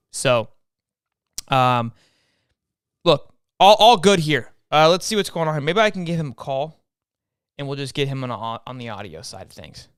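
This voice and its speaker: A young man hosting a casual sports talk stream, energetic and repeating his words as he goes. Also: medium pitch, clean tone, dry recording, clean studio sound. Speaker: host.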